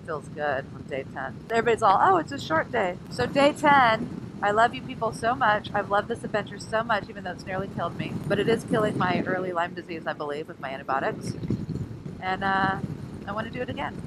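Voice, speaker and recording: A sleep-deprived woman rambles playfully while riding outdoors, joking one moment and turning heartfelt the next. Her pitch sits mid-range, and loud wind noise roars over a helmet mic. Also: expressive, brisk. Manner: playful, silly, jumps between jokes and emotion. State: tired. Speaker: motorcycle rally vlogger. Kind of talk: casual rambling vlog.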